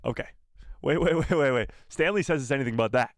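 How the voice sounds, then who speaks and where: A man's voice: medium pitch, fast talker, no echo, clean studio sound. Playful man hosting a live stream. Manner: playful, self-mocking, joking with chat. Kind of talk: casual live-stream chat.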